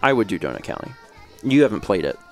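Brief: male streamer, animated up-and-down delivery, chatty, faint music underneath. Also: lowish voice, quick pace. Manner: chatty, thinks aloud, laughs often. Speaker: streamer host. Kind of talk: casual chat while setting up a game stream. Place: home streaming setup.

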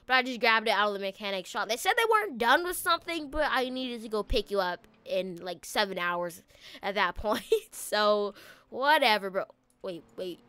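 A woman hosting a gaming channel, chatting casually and excitably through a roleplay, stammering and slangy when alarmed. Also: medium pitch, normal speed, clear, resonant tone. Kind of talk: casual roleplay commentary over gameplay.

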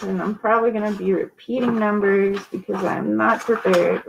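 A woman's voice: medium pitch, steady tone, moderate pace, vocal fry, few pauses, highs cut off. A woman hosting a casual live-stream sale, chatty and rambling, greeting viewers by name. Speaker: host of a live online sale.

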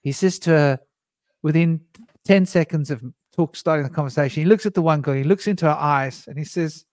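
A man's voice: a little high, fairly quick, darkish tone, dry recording, studio quality. A man hosting a candid conversation, telling long rambling personal stories full of asides and restarts. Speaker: podcast host.

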